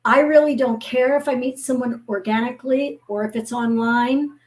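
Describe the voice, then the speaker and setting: Animated woman in her fifties telling stories. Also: fairly high pitch, moderate pace. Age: 50s. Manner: animated storyteller acting out quoted voices. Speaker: guest author. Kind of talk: casual chat.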